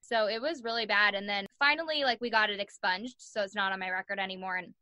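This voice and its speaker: A young woman telling a story as a podcast guest, animated, acting out the voices of the people in it and saying "like" a lot. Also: mid-range voice, fast talker, no room sound. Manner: animated, acts out voices in her stories, says "like" a lot. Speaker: guest, sports journalist and podcaster. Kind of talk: casual storytelling in an interview.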